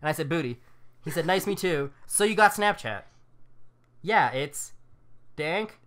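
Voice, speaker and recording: Animated man reading chat messages aloud. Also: fairly high pitch, a little slow. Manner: animated, laughs between lines. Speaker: podcast co-host. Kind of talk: casual chat, reading out dating-app messages.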